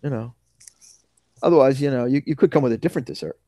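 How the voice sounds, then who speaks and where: A man with a New York accent co-hosting a podcast, telling animated stories with some swearing. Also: medium pitch, fast talker, dry recording, studio quality. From New York suburbs. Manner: animated storyteller, ranting and swearing. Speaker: podcast co-host. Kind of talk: casual chat.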